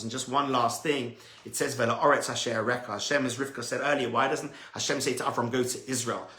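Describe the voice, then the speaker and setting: Passionate rabbi with a bright voice in an echoey room. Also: male voice, mid-range voice. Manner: passionate, swings between loud emphatic peaks and soft hushed stretches. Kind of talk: Torah talk.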